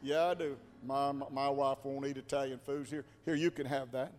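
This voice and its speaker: A man playing a highway patrolman with a deep voice, stern and questioning, in an echoey hall. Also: steady tone, moderate pace, a little mellow, close to an everyday voice. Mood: friendly.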